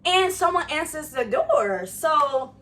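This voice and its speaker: A young woman tells a heated storytime to the camera, her voice sitting high and bright. She talks in animated, profane slang, getting fired up as she goes, with faint music behind her. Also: slow pace. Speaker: vlogger. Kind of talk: casual storytime. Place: Florida.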